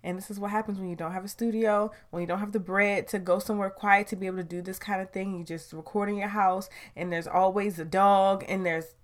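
A woman's voice: mid-range voice, steady tone, brisk, few pauses. A woman hosting her own podcast from home, talking candidly and casually, with sighs and trailing sentences. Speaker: podcast host. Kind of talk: casual chat. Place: recorded at home.

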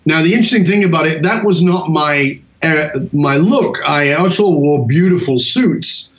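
A British man in his sixties, a guest telling animated stories and acting out the other people in them. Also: a little high, moderate pace. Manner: animated anecdotes, acts out quoted voices. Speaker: guest speaker. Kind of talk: storytelling in an interview. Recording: roomy, dull lo-fi audio.

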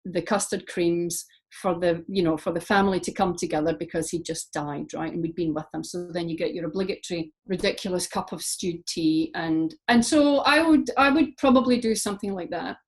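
A woman's voice: fairly low pitch, brisk. A woman poet from Scotland, talking reflectively in an interview and telling stories with lots of fillers. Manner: reflective, animated storytelling with frequent fillers. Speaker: poet guest. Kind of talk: interview conversation.

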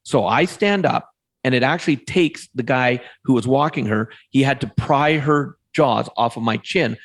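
A man in his fifties, a podcast guest, telling a personal story in a lively way and acting out the voices of the people in it. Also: medium pitch, normal speed. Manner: animated storyteller, acts out quoted voices.

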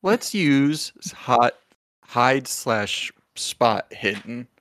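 A man running a tabletop game as game master, explaining rules and describing clues in an unhurried, hedging way. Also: medium pitch, animated, a bit bright.

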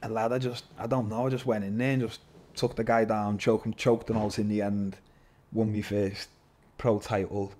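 A man, a guest telling his story in an animated, casual way, swearing and calling everyone lad. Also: on the low side, normal speed. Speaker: podcast guest, MMA fighter.

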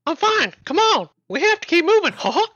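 A performer doing an impression of a cheerful cartoon mouse hero in a high chirpy voice with a slight Southern twang. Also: big pitch swings, brisk, a bit bright, dry recording, muffled recording, exaggerated voice. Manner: high chirpy voice with cackling laughs.

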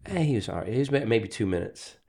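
A man's voice: medium pitch, big pitch swings, fast talker, over a noisy crowd. A middle-aged man co-hosting a podcast in casual chat, joking and self-deprecating, with stammering restarts. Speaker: podcast co-host.

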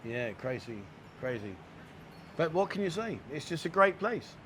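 A man with a London accent hosts a casual, teasing interview in a bar. His voice sits a little high for a man. Faint background noise from the bar runs underneath. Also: big pitch swings, measured pace, a bit bright. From London, England. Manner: cheeky, teasing banter.

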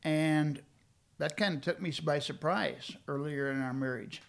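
A man's voice: fairly high pitch, a little slow, creaky. An older man speaking reflectively in a conversational discussion, with frequent fillers and restarts. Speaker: guest speaking on leadership.

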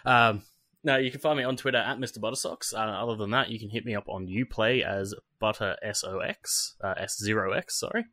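Low-voiced man in joking podcast banter. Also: fairly even intonation, brisk, pushed and bright, no room sound. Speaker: podcast co-host. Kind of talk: casual banter.

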